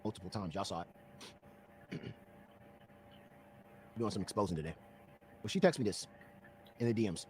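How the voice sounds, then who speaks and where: A man's voice: on the low side, moderate pace, long pauses, slight background noise. A man giving mocking, accusatory commentary while exposing someone in a video.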